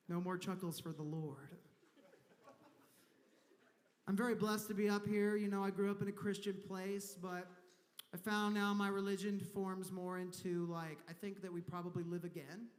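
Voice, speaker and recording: A man's voice: high-pitched, steady tone, moderate pace, long pauses. A man from Kentucky doing a crude, rambling stand-up set on a convention stage, slipping into voices for the people he talks about. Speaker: stand-up comedian. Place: large convention hall stage. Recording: long hall reverb.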